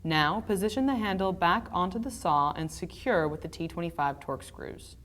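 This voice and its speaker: Woman, lowish voice, scripted how-to voice-over, measured step-by-step delivery. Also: animated, a bit bright. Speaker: narrator of a repair video.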